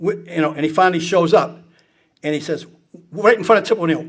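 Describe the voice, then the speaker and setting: A man's voice: fairly high pitch, fast. A man casually telling blunt, profane anecdotes to an audience, acting out the people he quotes with gusto. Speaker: speaker recounting political anecdotes.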